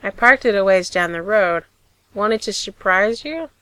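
Woman reader as a guarded middle-aged father; gentle and tentative, close dry read. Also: mid-range voice, expressive, a little slow, clean tone, no room sound.

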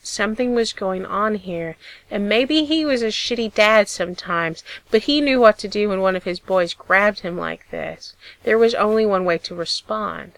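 A woman narrating a story in a measured, expressive reading style on a close mic. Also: medium pitch, dry recording. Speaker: audiobook reader.

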